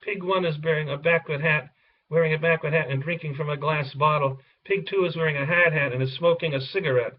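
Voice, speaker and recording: High-voiced man reading stage directions. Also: fairly even intonation, fairly quick. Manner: reads the stage directions plainly. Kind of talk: reading a children's play aloud. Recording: distant, dull lo-fi recording.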